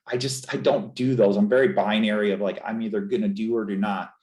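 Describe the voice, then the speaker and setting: A man's voice: medium pitch, steady tone, brisk. A man, a chiropractor, telling his story as a podcast guest in an earnest, reflective, emotional way. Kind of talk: candid podcast interview. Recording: roomy echo.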